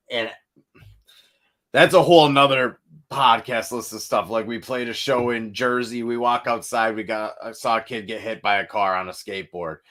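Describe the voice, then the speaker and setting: Rambling young man telling road stories. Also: on the low side. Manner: rambling storyteller, swears, animated outbursts. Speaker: metal band vocalist, guest. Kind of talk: casual podcast chat.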